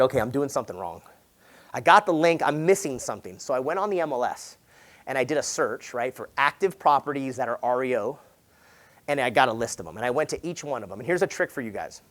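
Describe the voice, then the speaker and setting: A man from Southern California giving a motivational talk at a sales summit, telling stories casually, full of "like" and "right?", and acting out quoted lines with sudden loud jumps. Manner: animated, acts out quoted dialogue with big jumps in pitch and volume. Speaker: real estate agent speaking at a sales summit. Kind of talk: energetic motivational keynote storytelling.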